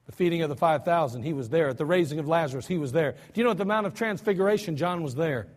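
An American male pastor preaching a storytelling sermon, swinging between soft asides and loud cries. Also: fairly high pitch, fast talker. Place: church sanctuary. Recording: church hall reverb.

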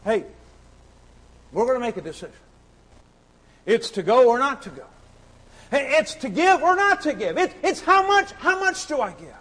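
High-voiced impassioned male preacher. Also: very animated, normal speed, long pauses, low-quality recording. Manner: impassioned, repetitive, swings between shouting and hushed pleading; sings hymn lines briefly. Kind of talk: sermon.

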